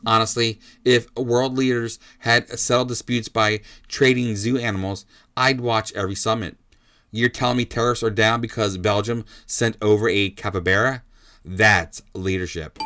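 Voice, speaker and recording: A man hosting a comedy news show, giving a scripted monologue in a deadpan, sarcastic way. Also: medium pitch, normal speed.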